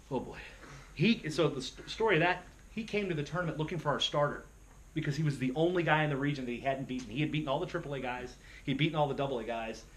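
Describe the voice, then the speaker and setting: A man telling self-deprecating stories to an audience in an animated, lively speaking style. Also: fairly high pitch. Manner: animated, self-deprecating, jumps into voices for quotes. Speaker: motivational speaker. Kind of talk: storytelling speech to an audience.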